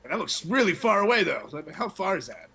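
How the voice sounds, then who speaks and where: A man's voice: sits high, big pitch swings, fast talker, gravelly, sharp tone, slightly rough. A man playing a tabletop game, talking bluntly and crudely, swearing often. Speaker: player. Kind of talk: casual in-character role-play.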